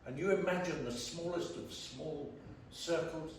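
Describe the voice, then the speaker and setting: A man's voice: fairly high pitch, unhurried. A man giving a blunt, emphatic, jokey speech to a community meeting in a church hall. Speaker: guest panellist. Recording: very echoey church hall, far from mic.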